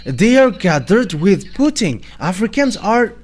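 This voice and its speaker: High-voiced Malagasy-accented man preaching. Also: sing-song, darkish tone. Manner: halting, many fillers and restarts. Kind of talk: sermon.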